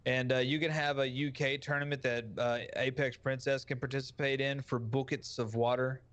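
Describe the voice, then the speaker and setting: A man's voice: mid-range voice, level tone, normal speed, a bit bright. A man, a guest streamer, chatting casually in a crude, jokey way with frequent swearing. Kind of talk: casual podcast chat.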